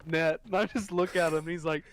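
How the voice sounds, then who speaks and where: A man's voice: on the high side, fairly even intonation, a little fast, fairly bright tone, no room sound. A young man in casual chat, telling a story full of swearing and laughing through his lines.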